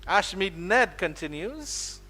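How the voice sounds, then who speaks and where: Male cricket commentator, Caribbean accent, bright and slightly high, lively live play-by-play. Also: slow pace. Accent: Caribbean English. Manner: playful, rises sharply on boundaries.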